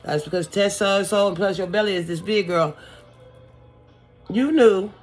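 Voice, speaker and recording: A woman's voice: medium pitch, moderate pace, faint music behind. Chatty, sassy woman doing a makeup storytime. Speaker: beauty vlogger.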